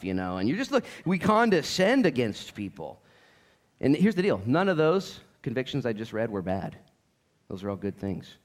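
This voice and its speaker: Middle-aged guy pastor preaching, jokey and animated, gets loud then goes real quiet. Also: medium pitch. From Oregon coast, USA. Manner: animated and joking, swinging from loud to hushed, mimicking voices. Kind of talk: sermon.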